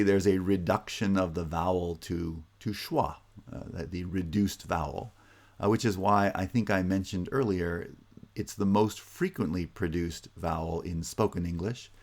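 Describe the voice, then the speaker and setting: A man's voice: low-pitched, vocal fry. A man giving a recorded linguistics lecture, explaining step by step with frequent "uh" fillers and restarts.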